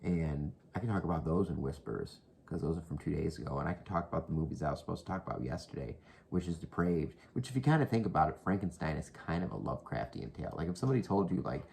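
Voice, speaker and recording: A man's voice: a bass voice, animated, quick pace, creaky, darkish tone. A man casually rambling through horror movie recommendations, profane and half-whispered, talking close to the mic at home. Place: indoors at home.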